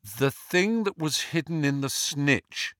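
A man's voice: fairly high pitch, animated, slow, a bit bright, dry recording, clean studio sound, voice pushed up. A man voicing a tired, earnest teenage boy hero who chooses his words carefully in an audiobook. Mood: weary. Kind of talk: audiobook character voice.

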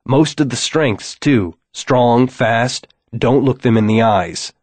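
A man voicing a tense male wizard who speaks in a hushed, clipped, urgent way to his apprentice. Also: mid-range voice, slow pace, dry recording.

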